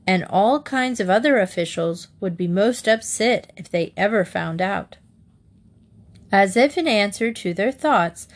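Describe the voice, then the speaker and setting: A woman narrating a children's storybook aloud in a measured, expressive way. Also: mid-range voice. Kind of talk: audiobook narration.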